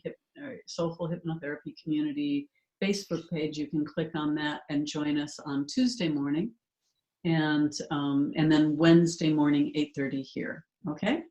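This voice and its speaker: A woman teaching a hypnotherapy class over a video call, talking fast and casually with many fillers and restarts. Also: low voice, darkish tone, dull audio. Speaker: hypnotherapy instructor. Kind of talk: casual online class talk.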